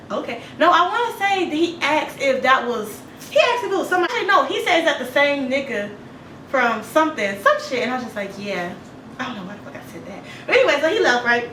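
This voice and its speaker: A woman's voice: high-pitched, slight background noise. A woman telling a gossipy story in casual chat, full of slang, acting out what people said. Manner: animated gossip with lots of slang, acts out quotes. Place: home, indoors. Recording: echoey room, mic at a distance.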